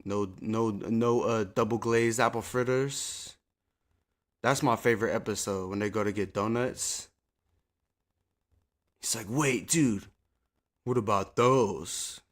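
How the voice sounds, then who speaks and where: A man's voice: fairly low pitch, fairly even intonation, unhurried, pauses often. Profane, rambling male streamer. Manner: profane, rambling, laid-back. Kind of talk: casual live-stream chat.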